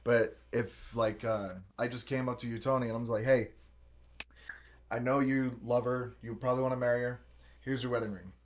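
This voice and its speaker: A man's voice: medium pitch, normal speed. A man on a casual podcast, telling a story with lots of swearing and acting out the quotes himself. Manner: animated storyteller, acts out quotes, swears freely. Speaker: podcast host.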